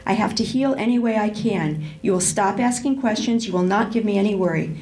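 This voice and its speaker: A woman's voice: mid-range voice, fairly quick, a little mellow, lightly acted. A woman reading as a frail, frightened mother. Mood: even commanding. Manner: fearful then firmly commanding. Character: frail bedridden mother, traumatized and fearful.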